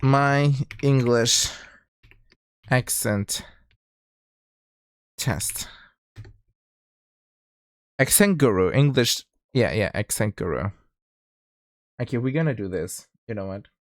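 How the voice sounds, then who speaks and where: Lively young man with a German accent. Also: medium pitch, takes it slowly, pauses often, no echo, studio quality. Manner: rambling, with frequent restarts and bursts of laughter. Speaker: streamer. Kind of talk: casual livestream chat.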